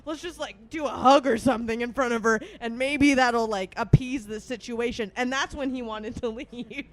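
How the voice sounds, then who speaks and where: Young woman cohost telling a funny story, high voice, acts out everyone's lines. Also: fairly quick, few pauses. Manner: animated, laughs often, acts out quotes. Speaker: podcast co-host. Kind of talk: casual storytelling chat.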